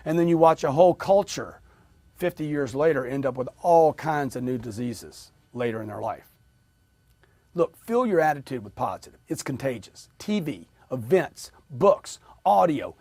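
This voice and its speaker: A man giving a motivational sales training talk, energetic and emphatic, drilling his listeners with repeated phrases. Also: fairly high pitch, moderate pace, no echo.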